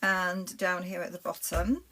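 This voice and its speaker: A woman's voice: lowish voice, steady tone, unhurried, pushed and bright, a little hiss or hum. A middle-aged woman with a Lancashire accent, chatting through a live craft demonstration and talking to viewers as she works. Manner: chatty, rambling, talks to viewers while working with her hands. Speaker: craft presenter.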